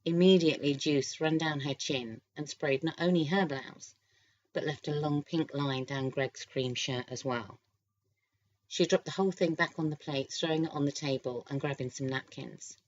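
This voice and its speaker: Casting: woman audiobook narrator, low voice, calm steady read, slightly dull lo-fi recording. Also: moderate pace. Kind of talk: scripted narration.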